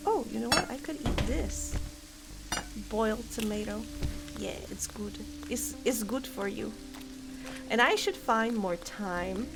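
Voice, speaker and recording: With game music running clearly in the background, a woman with a fairly high voice talks at a measured pace. She's streaming a game, casually chatting, thinking aloud, and frequently giggling through her commentary.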